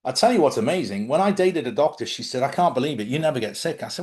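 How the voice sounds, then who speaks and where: A man talks loosely and personally about spiritual living, mixing in stories from his own life. He often asks his listeners questions as he goes. His voice sits at an ordinary middle pitch. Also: expressive, fast, a little mellow. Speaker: host. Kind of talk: casual spiritual talk.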